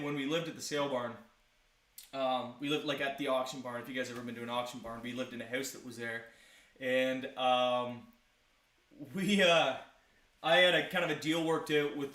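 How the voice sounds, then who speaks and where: A man's voice: mid-range voice, bright, forceful tone. A young man telling a rambling story in casual chat on a live stream, full of fillers and restarts. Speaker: musician hosting a live stream. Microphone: live-stream device mic. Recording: roomy echo, faint guitar.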